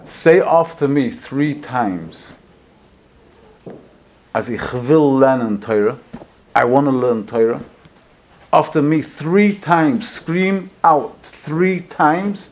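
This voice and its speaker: A man's voice: mid-range voice, expressive, slow pace, long pauses, slight background noise. Man doing a fervent old rabbi. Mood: solemn urging. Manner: urgent, rising to shouts. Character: aged rabbi, revered, fervent and tender. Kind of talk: storytelling sermon.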